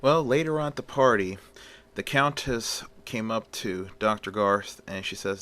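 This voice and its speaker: A man's voice: lowish voice, measured pace, a bit bright. A man casually retelling a film story as a fan version, rambling and conversational, with many "well"s and "he's like"s.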